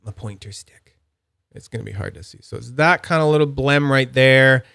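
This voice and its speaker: A man's voice: mid-range voice, brisk, vocal fry, fairly bright tone, smooth, dry recording, studio quality. A young man rambling casually about fidget toys, full of fillers and restarts. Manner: rambling, filler-heavy, chatty. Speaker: fidget toy reviewer. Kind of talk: casual unboxing chat.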